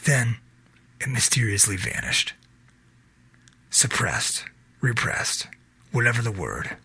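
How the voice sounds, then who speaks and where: A man reading scripted narration of an audio drama in a measured, expressive way. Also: mid-range voice, husky, dry recording.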